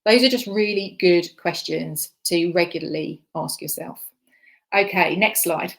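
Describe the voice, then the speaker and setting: A woman's voice: fairly low pitch, unhurried, gravelly. A woman giving a conference presentation, chatty and self-deprecating, with frequent ums. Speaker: conference speaker. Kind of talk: presentation talk. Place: online conference session.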